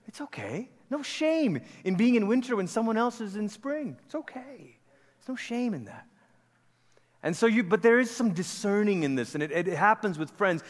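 A pastor in his forties from Malaysia, preaching in a casual, animated storytelling manner to a church. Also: sits high, moderate pace. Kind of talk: conversational sermon. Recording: long hall reverb.

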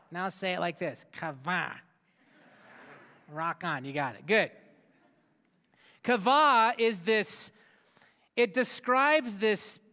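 A man preaching a sermon as a youth pastor in a church hall, energetic and interactive, often asking the audience questions. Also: sits high. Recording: long hall reverb with faint music.

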